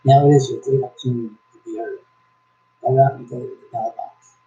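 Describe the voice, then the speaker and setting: A man reading a founding text aloud slowly and haltingly, correcting himself as he goes, then giving preachy religious commentary. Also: medium pitch, steady tone, dark tone, reverberant, lo-fi sound. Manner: preachy, exhorting. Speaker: YouTube commentator.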